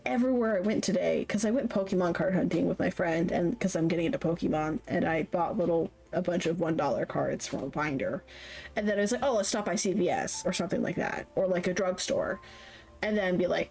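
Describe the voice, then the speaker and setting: A woman's voice: lowish voice, a little fast, gravelly, a little mellow, slightly rough, faint music behind. A woman in her late twenties chatting casually on a live stream, rambling, laughing often and swearing freely. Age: late 20s.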